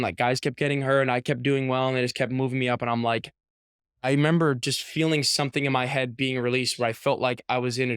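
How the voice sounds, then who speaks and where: Young male athlete guest, chatty and animated, smooth clear voice, dry close sound. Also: mid-range voice, dry recording. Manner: animated storyteller, heavy use of "like", acts out quotes. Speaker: professional baseball pitcher, guest. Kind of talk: casual storytelling interview.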